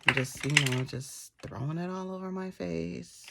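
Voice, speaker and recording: A woman's voice: on the low side, normal speed, gravelly, heavy background noise. A woman in her thirties chatting casually while doing her makeup, telling stories animatedly and laughing often. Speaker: beauty vlogger. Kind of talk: casual storytelling chat.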